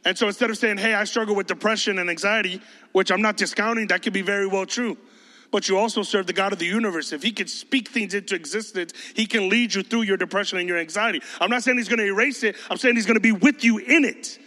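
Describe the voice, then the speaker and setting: Bright-voiced youth pastor preaching. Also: male voice, sits high, fast, long reverb tail. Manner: casual, joking preacher, mimics teens' voices. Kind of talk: sermon.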